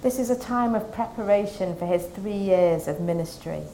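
Woman preaching a calm Lent sermon. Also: medium pitch, slight background noise. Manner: calm, measured scripture reading and reflection.

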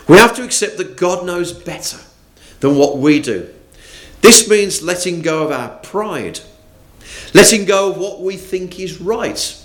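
Slow, lively-pitched male preacher. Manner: slow, deliberate, with rising and falling emphasis. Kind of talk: sermon.

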